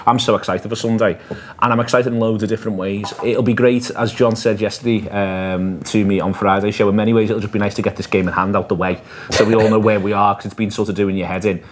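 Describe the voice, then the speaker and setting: Man, podcast host, rapid talker, lowish voice, teasing football chat in a bar. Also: flat delivery, a little hiss or hum. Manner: quick, teasing, chatty.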